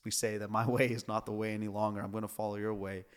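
A man's voice: on the low side, level tone, fast, clean tone. A man, a pastor hosting a church podcast, speaking in an earnest, preacherly way. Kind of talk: reflective podcast conversation.

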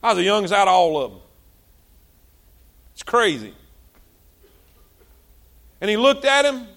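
A male pastor, preaching a sermon with passion, repeating himself and swinging between loud and soft. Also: high-pitched, big pitch swings, unhurried.

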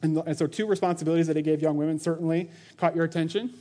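A man in his thirties delivers a sermon, his voice sitting slightly high for a man. He exhorts his listeners with earnest urgency. He breaks into short mocking impressions when quoting others. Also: steady tone, rapid-fire, mellow. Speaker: pastor.

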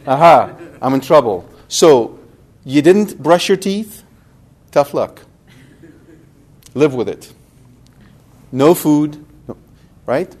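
A man's voice: fairly high pitch, slow, long pauses. A priest teaching a Bible study in a conversational way, speaking directly to his listeners and asking them questions. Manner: lively, talks directly to the audience with questions.

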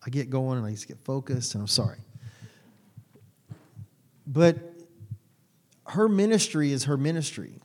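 A man's voice: medium pitch, big pitch swings, measured pace, long pauses, a little mellow. A male pastor giving a sermon in a conversational, rambling way, with restarts and asides.

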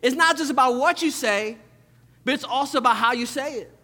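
A man's voice: very high-pitched, a little fast, pushed and bright. A young adult man preaching a sermon as pastor, conversational and full of restarts and asides. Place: church sanctuary. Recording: long reverb of a church hall.

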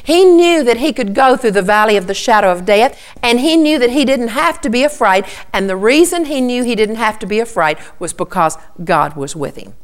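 Earnest woman teaching scripture, higher voice. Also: animated, a little fast, hardly any pauses. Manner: earnest, repeats key phrases, often starts with "okay". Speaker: Bible teacher. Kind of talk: Bible teaching.

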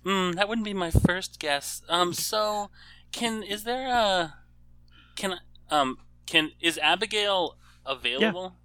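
Slow, bright-voiced woman playing a tabletop game. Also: lowish voice, dry recording. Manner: hesitant, with fillers. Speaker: player. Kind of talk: casual tabletop game play.

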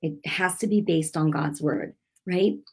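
A woman's voice: low-pitched, unhurried, creaky, noisy background. Preaching woman, earnest and conversational, unscripted with frequent restarts. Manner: unscripted, speaking without notes. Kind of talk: informal sermon.

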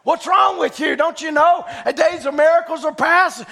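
A man voicing a flock of scoffing chickens who shout and scold a young eagle. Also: extremely high pitch, normal speed, creaky, voice pushed up, heavily acted. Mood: mocking.

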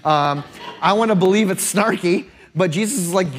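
A man delivers a sermon as a pastor, his voice sitting a little above the usual male pitch. He talks casually and emphatically, drawing listeners along with frequent quick tag questions. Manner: conversational and emphatic, often adding tag questions.

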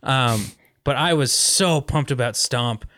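A man's voice: mid-range voice, slow pace, a bit bright, no room sound, studio quality. A man hosting a podcast, telling a rambling story in casual chat with lots of fillers. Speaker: podcast host.

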